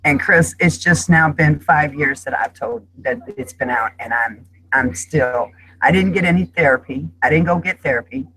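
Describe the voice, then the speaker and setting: A woman's voice: deep voice, moderate pace, fairly bright tone, low-quality recording. A middle-aged woman speaking as a guest in an emotional panel discussion, talking in an impassioned, emphatic way.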